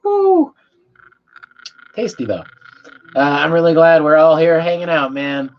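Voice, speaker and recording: Laid-back and casual, a man talks with his stream viewers from home, dropping the odd swear word and coughing between sentences. He speaks at normal speed in a fairly high voice with fairly even intonation, over dull lo-fi audio and faint room hiss.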